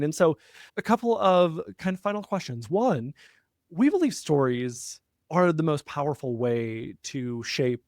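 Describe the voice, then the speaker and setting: A man's voice: a little high, no room sound, studio quality. A man hosting a podcast, enthusiastic and affirming toward his guest. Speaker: podcast host. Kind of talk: podcast interview.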